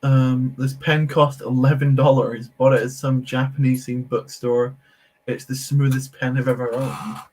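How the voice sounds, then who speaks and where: A man's voice: medium pitch, level tone, measured pace, a little mellow. A man hosting a casual live stream while building, chatting, reading comments aloud and laughing often. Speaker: Lego streamer.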